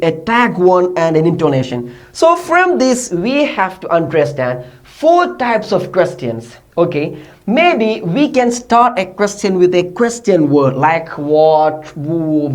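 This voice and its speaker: A man teaches a recorded online class. His voice swoops widely as he acts out sample questions, and he checks in often with "okay" and "like". He speaks at a patient teacher's pace. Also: sits high. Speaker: English tutor.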